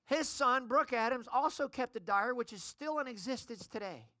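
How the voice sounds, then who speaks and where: A middle-aged woman pastor preaching a sermon, calling on the congregation to shout amen. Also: a little high, animated, moderate pace, no room sound, studio quality. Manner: preaching, calls for amens from the congregation.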